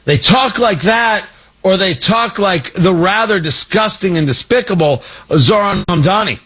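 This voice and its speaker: A man hosting a talk radio show, giving an emphatic, mocking political commentary monologue with drawn-out stresses. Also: high-pitched, lively intonation, fairly bright tone, slightly rough.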